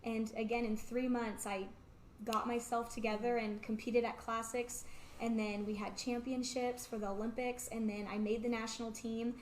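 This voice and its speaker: Chatty young woman, slightly high, echoey room. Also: level tone, normal speed, a little mellow, slight background noise. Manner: chatty, peppered with "like", acts out quoted remarks. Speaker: guest. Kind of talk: casual storytelling in an interview. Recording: echoey room with faint ambience.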